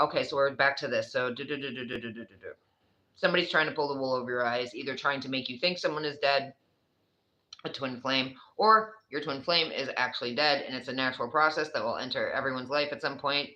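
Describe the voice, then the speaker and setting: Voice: mid-range voice, pushed and bright, lo-fi sound. A speaker with a New York accent giving a casual, rambling tarot reading, chatty and swearing freely. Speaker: tarot reader.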